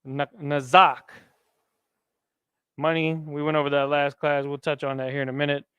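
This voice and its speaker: A man's voice: a little high, level tone, moderate pace, sharp tone, clean tone, no room sound, highs cut off. A man teaching a class, talking casually and quizzing his students with questions. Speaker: Hebrew teacher. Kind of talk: classroom lesson.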